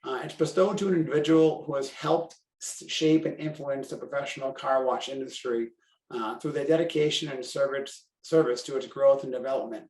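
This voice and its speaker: A man with a Boston accent, a carwash operator and convention co-chair, chats on a podcast in a brisk, medium-pitched, slightly mellow voice. He's self-deprecating and rambling, running sentences together with fillers and restarts. He sits a little far from the mic, and his voice echoes around a roomy space.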